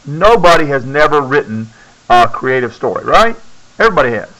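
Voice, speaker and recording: A man's voice: medium pitch, very animated, a little fast, sharp tone, low-quality recording. A male science teacher lecturing a classroom, keeps checking in with "okay?" and coaxing students to speak up.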